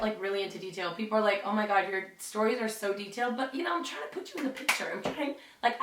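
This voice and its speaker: A woman's voice: fairly high pitch, fairly bright tone. A young woman telling a dramatic story in a chatty vlog, full of "like". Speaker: vlogger. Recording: roomy, distant, faint music.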